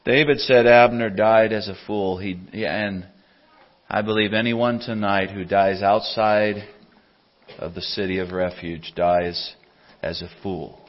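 A man preaching a sermon in a church, telling stories earnestly, his voice rising loud for scripture and dropping low and soft for personal stories. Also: steady tone, a little slow. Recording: dull lo-fi church audio recording.

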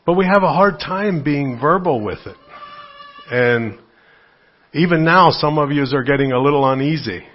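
A man's voice: normal speed, lo-fi sound. A man giving a conversational sermon in church, rambling with fillers and restarts, lifting his voice when he quotes scripture. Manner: lively pitch swings when quoting scripture. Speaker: lay preacher.

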